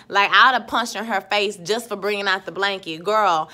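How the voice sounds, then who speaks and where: Chatty woman doing a tv recap, slangy and animated, bright punchy voice, middle pitch. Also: normal speed, hardly any pauses. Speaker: TV recap vlogger. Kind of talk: casual episode recap.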